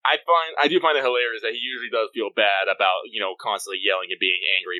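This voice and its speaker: A man co-hosting a casual chat about a video game, excitable and quick to laugh. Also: fairly low pitch, dry recording, rough recording. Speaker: podcast co-host.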